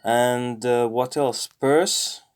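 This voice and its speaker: A man going through a language lesson on his own, thinking aloud with many fillers and slowly repeating practice phrases. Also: medium pitch, fairly even intonation, clean tone. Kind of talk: casual self-study commentary.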